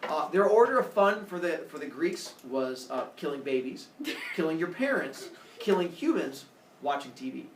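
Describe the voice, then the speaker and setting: A man teaching a class, with a voice that sits a little high. He lectures playfully and jokes as he goes. He is heard from across an echoey room with faint background ambience. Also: big pitch swings, moderate pace, far from the mic, slight background noise. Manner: joking, playful storytelling.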